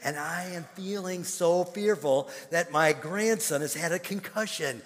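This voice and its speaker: An older man preaching a sermon in an animated storytelling manner, repeating words and breaking into sudden loud bursts. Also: fairly high pitch, measured pace, in a large hall. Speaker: pastor.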